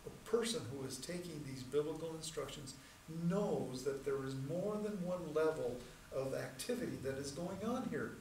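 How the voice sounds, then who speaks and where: A man teaching a church class in a measured, deliberate way, repeating key points and slowing down to stress terms. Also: a little high, a little mellow. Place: church hall. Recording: echoey room, mic far off, faint noise.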